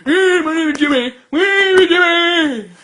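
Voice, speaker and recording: A man's voice: normal speed, pushed and bright, soft background music. A man voicing his imagined little son, a whiny small boy, in a put-on child voice. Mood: chirpy. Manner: high, pleading child voice.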